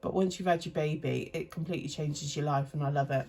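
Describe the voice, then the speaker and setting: A woman's voice: deep voice, fairly even intonation, fast, a little mellow. A woman in her thirties, chatting casually and rambling as she sorts cash into budget envelopes. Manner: chatty and rambling, self-correcting. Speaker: cash stuffing vlogger. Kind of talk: casual chat while budgeting.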